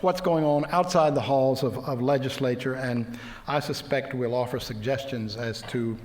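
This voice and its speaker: A man moderating an event, introducing the next speaker in a measured way with small hesitations. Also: mid-range voice, a little mellow. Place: lecture hall. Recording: long reverb of a hall.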